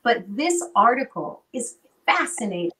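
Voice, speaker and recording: A woman teaching in an animated, conversational way, often checking in with "right?". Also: a little high, normal speed, far from the mic, rough recording. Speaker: guest teacher.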